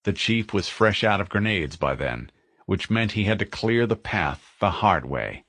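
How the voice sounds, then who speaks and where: Low-voiced man narrating a sci-fi audiobook. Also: measured pace, no room sound. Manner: vivid, expressive storytelling.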